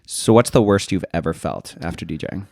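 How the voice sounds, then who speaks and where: A man's voice: low-pitched, animated, a little fast, vocal fry, darkish tone, no room sound, studio quality. A man hosting a podcast, asking curious, probing follow-up questions. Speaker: podcast host.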